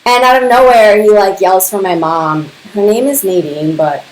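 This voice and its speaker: A woman's voice: medium pitch, moderate pace, a little mellow. A woman casually telling personal stories, chatty and laughing often, filling her talk with "like". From Serbian family. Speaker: podcast host. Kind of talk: casual storytelling. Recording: echoey room.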